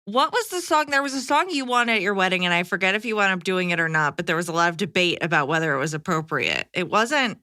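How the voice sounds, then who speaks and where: A woman's voice: on the low side, animated, fast, hardly any pauses, pushed and bright, no echo, clean studio sound. A woman co-hosting a casual podcast who laughs easily and reads out listener questions. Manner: giggly, reading listener questions. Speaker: podcast co-host.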